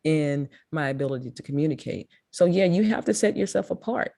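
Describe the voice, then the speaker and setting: A woman's voice: on the low side, mellow, no room sound, clean studio sound. A woman from Memphis with a Mississippi accent, giving an emphatic, encouraging motivational talk to students as a guest speaker. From Memphis, USA. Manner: emphatic, encouraging, repeats for stress.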